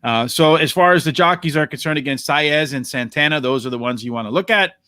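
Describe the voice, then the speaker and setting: A man with a bright, fairly high voice runs through a race card with brisk, analytical commentary. The sound is dry and close, with no room around it. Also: dry recording. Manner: brisk, analytical, addresses co-host by name. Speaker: racing handicapper host. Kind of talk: horse racing preview analysis.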